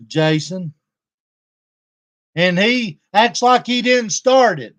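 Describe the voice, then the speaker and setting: A man's voice: high-pitched, huge pitch swings, drawn-out words, pauses often, fairly bright tone. A man talking casually to viewers on a livestream, aggrieved and confrontational as he addresses a rival and his audience. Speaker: YouTube livestreamer.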